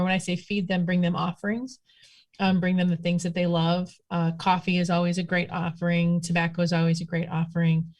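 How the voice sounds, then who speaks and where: Chatty woman with a low voice. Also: moderate pace. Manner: chatty, rambling, animated storytelling with many fillers. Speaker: guest, witchcraft practitioner. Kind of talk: casual storytelling conversation.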